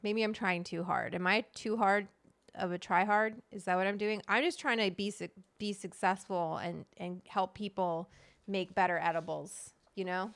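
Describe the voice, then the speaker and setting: A woman's voice: medium pitch, steady tone, normal speed, fairly bright tone, no echo. A woman hosting a livestream, chatting casually, greeting viewers by name and swearing freely. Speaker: livestream host.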